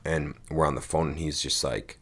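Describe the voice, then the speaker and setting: A man's voice: very deep voice, fairly even intonation, moderate pace, a bit bright, slightly rough. A man co-hosting a podcast, telling a rambling story in casual chat, swearing casually and saying "dude" and "like" a lot. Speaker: podcast co-host.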